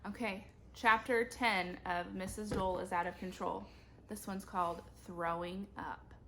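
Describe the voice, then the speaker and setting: Bright-voiced woman reading a storybook. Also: unhurried, a little hiss or hum. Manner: lively, shouts characters' lines in high voices. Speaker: reader. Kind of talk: reading a children's chapter book aloud.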